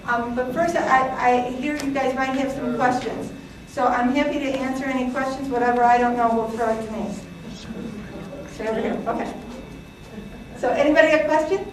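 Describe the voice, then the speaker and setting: A woman's voice: high-pitched, fairly even intonation, moderate pace, noisy background. Greek-born lady in her 60s telling family stories to a crowd, lots of ums, far off with a big echoey room sound. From Greece. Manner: chatty, laughing, many fillers. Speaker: presenter. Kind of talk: live talk to an audience.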